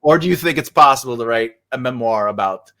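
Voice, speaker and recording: A man's voice: medium pitch, expressive, brisk, fairly bright tone, dry recording, clean studio sound. Joking Brooklyn man hosting an interview. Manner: joking, pun-loving, rambling with many fillers. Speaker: podcast host. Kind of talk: casual interview chat.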